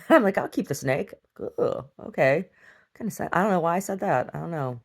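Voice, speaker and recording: A woman vlogger casually retelling a dream in a rambling, animated way, full of restarts. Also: fairly low pitch, moderate pace. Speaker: video diary vlogger. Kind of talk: casual storytelling to camera.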